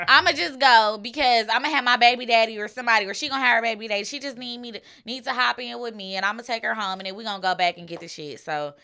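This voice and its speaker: A woman telling raunchy stories in casual chat, loud and animated, acting out the people in them. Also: a little high, fast, few pauses, clean tone. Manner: loud, animated, acts out voices in her stories.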